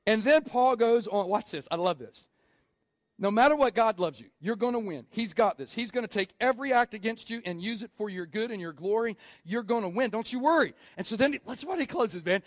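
A man preaching from the pulpit with a strikingly high-pitched voice. He gets wound up and excitable, swelling into shouts at his peaks. The sound is close and dry, with no room echo. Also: brisk. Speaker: pastor. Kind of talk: sermon.

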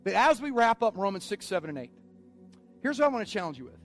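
High-voiced excitable man preaching. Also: quick pace, soft background music. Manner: energetic, excitable preaching that swells into shouts. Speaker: pastor. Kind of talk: sermon.

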